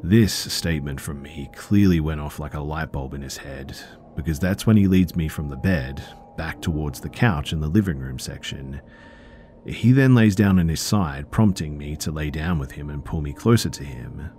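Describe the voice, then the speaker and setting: A man calmly narrating true scary stories in a low-key, subdued way. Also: a little hiss or hum. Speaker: storyteller.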